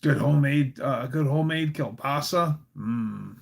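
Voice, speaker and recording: A man's voice: mid-range voice, measured pace, vocal fry, slightly rough. A man hosting a casual livestream, telling a story in a rambling way full of fillers and restarts. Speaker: livestream host.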